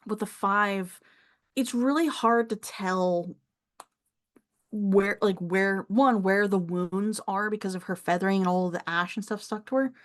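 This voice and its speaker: A woman's voice: medium pitch, steady tone, a little slow. A woman narrating as game master of a tabletop game in a casual, chatty way. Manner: casual, chatty, laughs between descriptions.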